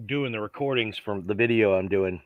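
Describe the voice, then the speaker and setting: A man's voice: lowish voice, normal speed, no room sound, narrow, tinny audio. A man hosting a casual online group chat, joking and laughing with friends. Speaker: host.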